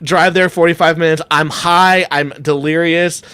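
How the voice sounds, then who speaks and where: A young man, a comic creator appearing as a podcast guest, spins a long story in casual chat, animatedly acting out its characters with shouts and laughs. His voice is a little high, clear and resonant, at a moderate pace on a dry recording.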